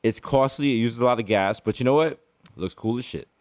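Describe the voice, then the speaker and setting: A man co-hosting a comedy podcast from home, riffing in casual deadpan banter. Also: mid-range voice, fast talker. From the Bronx, New York. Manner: laid-back, deadpan, riffing with profanity. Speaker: podcast co-host.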